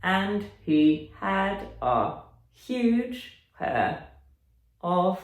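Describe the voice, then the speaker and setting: A woman's voice: mid-range voice, big pitch swings, extremely slow, reverberant, heavily acted. A woman voicing a foul-mouthed, self-pitying male monkey puppet who swears a lot. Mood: crude.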